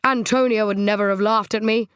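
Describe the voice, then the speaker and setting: A woman's voice: mid-range voice, moderate pace, dry recording, clean studio sound, lightly acted. A woman voicing a fussy, petulant middle-aged widower in an audiobook, whining and aggrieved. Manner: whiny, indignant, aggrieved. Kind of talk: audiobook character voice.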